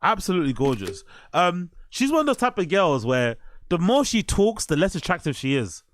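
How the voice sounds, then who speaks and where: A man's voice: high-pitched, very animated, moderate pace, a little hiss or hum. A man hosting a reaction show, talking in a crude, rambling way and laughing easily. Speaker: host. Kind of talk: reaction commentary.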